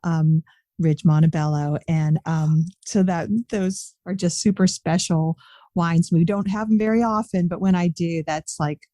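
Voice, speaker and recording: A woman's voice: on the low side, steady tone, measured pace, warm tone, dry recording, clean studio sound. A woman co-hosting a podcast, asking questions in a casual chat and encouraging her guest with small affirmations. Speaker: podcast co-host.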